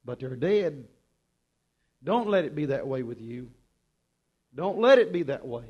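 A man preaching a sermon, impassioned and urgent, then dropping to quiet low passages. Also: sing-song, a little slow, breathy edge, highs cut off.

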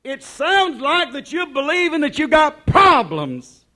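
A man preaching a sermon in an emphatic, repetitive cadence, dropping to hushed asides and rising to shouted declarations. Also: extremely high pitch, wildly swooping pitch, a little slow.

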